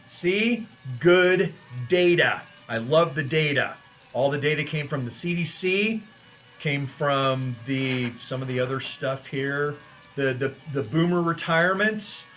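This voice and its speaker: A man hosting a weekly financial commentary, talking in a lively, casual way with quick asides and rhetorical questions. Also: fairly high pitch, a little hiss or hum. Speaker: financial advisor hosting a weekly market show. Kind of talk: casual unscripted market commentary. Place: Fort Collins office.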